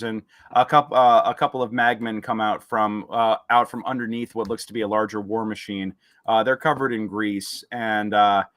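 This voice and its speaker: A man's voice: medium pitch, fairly bright tone, dry recording. A man narrating a tabletop game as game master, rambling and hesitant with many fillers.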